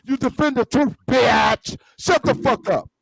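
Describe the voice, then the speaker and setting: A man's voice: extremely high pitch, unhurried, vocal fry, poor audio. A man in a heated argument, cursing and ranting angrily. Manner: angry, profane ranting.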